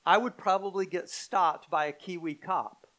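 A middle-aged American man preaching a sermon, emphatic, slowing and swelling on key phrases. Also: sits high, a bit bright, poor audio. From United States. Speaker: pastor.

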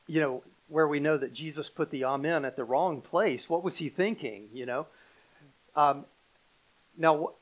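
A middle-aged American man preaching a sermon, emphatic, slowing and swelling on key phrases. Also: on the high side, lively intonation, low-quality recording. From United States. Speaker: pastor.

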